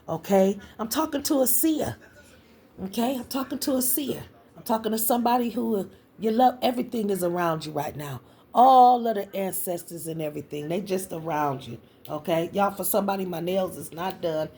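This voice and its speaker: A woman's voice: lowish voice, a little mellow, slightly rough. A woman doing a casual spiritual reading for her viewers, chatty and repetitive, often calling out to them and restarting her sentences. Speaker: spiritual reader.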